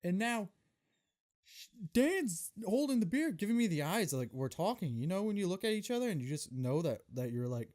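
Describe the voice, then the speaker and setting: A young man hosts his own podcast, telling a concert story as a profane, exasperated rant. His voice swings widely in pitch as he gets worked up, and he swears freely throughout. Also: big pitch swings, moderate pace, darkish tone. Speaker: podcast host. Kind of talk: solo comedic storytelling rant.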